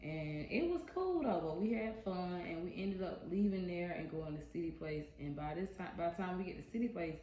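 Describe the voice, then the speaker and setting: A young woman tells a personal story in a chatty, casual vlog, speaking straight to her viewers. Her voice is low and mellow. The sound is dull and echoey, with faint hiss underneath. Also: fairly quick, few pauses. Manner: chatty, addresses viewers directly, expressive.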